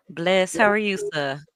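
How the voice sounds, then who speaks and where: A woman's voice: on the low side, fairly bright tone, clean tone, no echo, clean studio sound. A woman hosting a casual livestream, chatting and greeting viewers by name with teasing humor. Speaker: livestream host. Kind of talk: casual chat.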